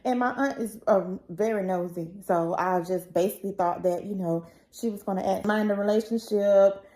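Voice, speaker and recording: A woman's voice: fairly low pitch, fairly even intonation, moderate pace, darkish tone, low-quality recording. A woman vlogger recounting a painful personal story in a rambling, emotional way, full of fillers.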